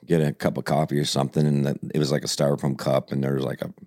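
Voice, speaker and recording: A man's voice: a bass voice, little pitch movement, rapid-fire, dark tone, no room sound, studio quality. A man co-hosting a casual podcast, telling anecdotes with lots of laughter. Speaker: podcast co-host. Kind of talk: casual chat.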